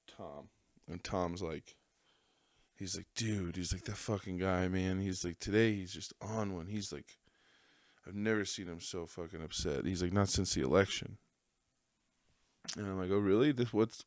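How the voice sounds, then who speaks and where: A deep-voiced man hosts a podcast, delivering a rambling, profane story as a casual monologue and laughing at his own jokes. The recording is clean studio sound with no echo.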